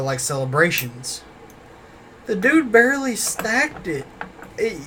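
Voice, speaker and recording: A man's voice: a little high, sharp tone, slight background noise. A man telling a casual story about a former job, rambling and swearing often, repeating himself as he goes. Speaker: former store worker.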